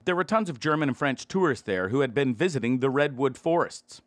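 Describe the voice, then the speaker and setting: A man reading internet stories aloud as a narrator, his pitch moving a lot from line to line. The delivery is scripted and animated. The sound is dry and close to the mic. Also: fairly quick, no echo. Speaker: story narrator.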